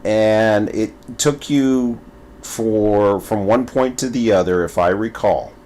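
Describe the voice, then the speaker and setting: A gaming video creator with a fairly low voice offers casual commentary at a slow pace. He rambles, repeats himself, and stumbles over his thoughts while telling animated, playful stories.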